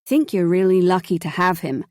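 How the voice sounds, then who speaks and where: A woman's voice: lowish voice, expressive, normal speed, a little mellow, dry recording, studio quality, close to an everyday voice. A woman voicing a nervous Canadian woman who is hesitant and apologetic, in an audiobook. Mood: gushing. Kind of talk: audiobook character voice.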